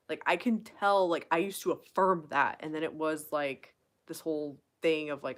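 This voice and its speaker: A woman's voice: sits low, normal speed. A young woman hosting a casual live Q&A stream, chatting and reading viewer comments aloud. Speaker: livestream host.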